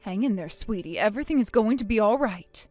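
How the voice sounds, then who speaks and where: A woman voicing a calm, shrewd grandmother who soothes a child and needles her son-in-law. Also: mid-range voice, a little fast, soft background music, natural voice. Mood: caring.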